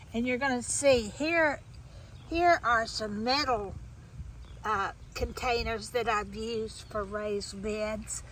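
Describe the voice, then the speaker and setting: A woman's voice: on the high side, bright, forceful tone, a little hiss or hum, low-quality recording. A woman giving a rambling, chatty walk-through of her garden outdoors, restarting her sentences often. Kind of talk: casual walk-through tour.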